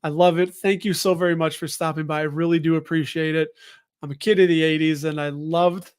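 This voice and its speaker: A man's voice: a little high, flat delivery, a little fast, smooth. A middle-aged man hosting a casual live stream, rambling and thinking aloud, often breaking off mid-sentence.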